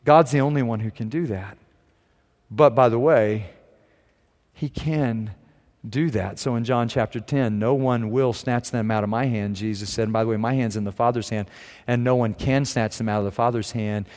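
A man preaching a sermon in a relaxed, conversational way, closing in prayer. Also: medium pitch, moderate pace, big-room sound. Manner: conversational preaching, sings hymn lines softly. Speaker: pastor.

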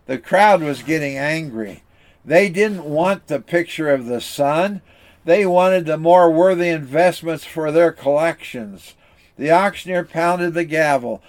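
A man preaching a sermon, telling an illustration story in an earnest, steady way. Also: fairly high pitch, unhurried. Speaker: pastor.

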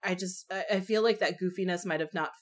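A young woman chatting about movies with a friend in a relaxed, rambling way. Her voice sits a little low for a woman. She leans on fillers and drops an occasional swear word. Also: brisk. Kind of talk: casual chat about film adaptations.

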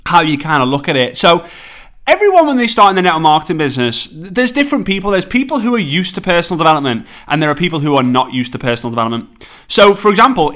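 A man with a Scouse accent hosting a solo motivational podcast as a network marketing coach, speeding up in bursts and slowing down for emphasis. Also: fairly high pitch. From England. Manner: energetic, pace swings between quick bursts and slow emphasis.

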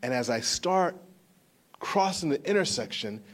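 Fairly high-voiced animated preacher, man. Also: fairly quick. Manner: animated storytelling, rising to emphatic outbursts, rhetorical questions to the crowd. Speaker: pastor. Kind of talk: sermon.

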